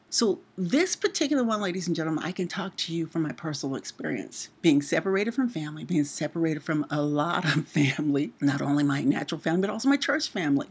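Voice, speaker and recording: A middle-aged woman delivers a heartfelt sermon in a husky voice that rises to forceful, emphatic peaks. She preaches with passion and speaks from personal experience. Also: lowish voice. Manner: impassioned, rising to emphatic peaks.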